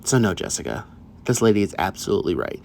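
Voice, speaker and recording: A man's voice: lowish voice, very animated, fast talker, creaky, a little mellow, a little hiss or hum. Blunt scolding male commentator. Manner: blunt and scolding, addresses the viewers directly. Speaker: reaction video host. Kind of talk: commentary on a clip.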